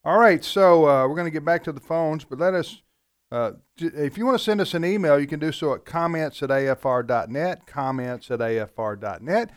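Upbeat radio host guy, kinda high voice, cheery promo reads. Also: brisk, no room sound, studio quality. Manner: upbeat, announcer-like. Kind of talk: radio talk show and promo.

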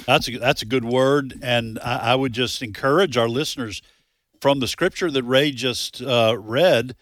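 A man co-hosting a radio talk show, reflecting in a halting way with restarts. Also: mid-range voice, a bit bright, dry recording, studio quality. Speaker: radio co-host. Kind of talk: casual radio discussion.

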